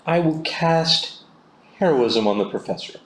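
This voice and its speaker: A man's voice: fairly high pitch, lively intonation, a little slow. A man playing a tabletop game, speaking politely and explaining game rules. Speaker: player. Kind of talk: tabletop play. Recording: echoey room recording with clear background noise.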